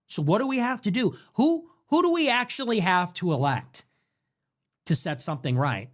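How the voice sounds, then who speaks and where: A young adult man hosts his own show, delivering an impassioned political commentary monologue packed with rapid rhetorical questions. His voice is high-pitched and sing-song.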